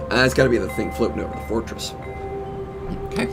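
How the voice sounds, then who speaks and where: A man giving loose let's-play commentary and wondering out loud as he goes. His voice has a gravelly fry, and steady game music plays under it. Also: lowish voice, a little fast, pauses often. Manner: thinking aloud, puzzled asides. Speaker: streamer playing a video game.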